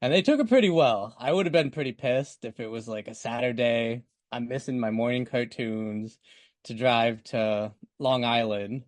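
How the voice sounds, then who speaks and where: A man's voice: medium pitch, moderate pace, no room sound. A man guesting on a podcast in casual chat, summing things up in a laid-back, easygoing way.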